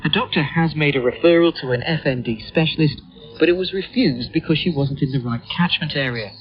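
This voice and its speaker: A man narrates a scripted news report at a steady pace. His voice is somewhat high for a man. The sound comes through a muffled shortwave radio broadcast. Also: a little fast.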